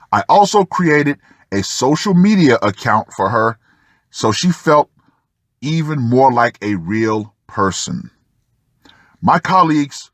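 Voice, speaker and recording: A channel host reads a first-person article aloud, pausing now and then to toss sardonic asides to the listener. His voice is mid-range and fairly bright, captured in clean studio sound with no room echo.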